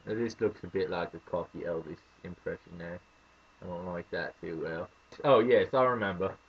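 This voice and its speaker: An American man putting on an exaggerated fake English accent, loud and theatrical, in a comedy home vlog. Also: low-pitched, moderate pace, muffled recording, a little hiss or hum, voice pushed down. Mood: mocking. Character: American man faking a hammy English gent.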